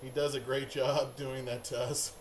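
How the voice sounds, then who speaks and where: A man's voice: mid-range voice, flat delivery, a little slow, a little hiss or hum. A middle-aged man hosting a live card break, chatting in a rambling, upbeat way.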